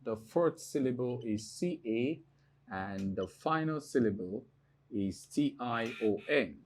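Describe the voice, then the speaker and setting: A man from Nigeria teaching an exam prep English lesson, explaining slowly and spelling words out letter by letter. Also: mid-range voice, lively intonation, a little mellow. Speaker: English tutor.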